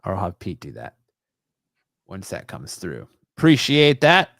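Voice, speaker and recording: A man's voice: low voice, huge pitch swings, measured pace, vocal fry, a bit bright, dry recording, studio quality. A man co-hosting a casual comics podcast, teasing his co-host between segments with filler-laden, hesitant banter.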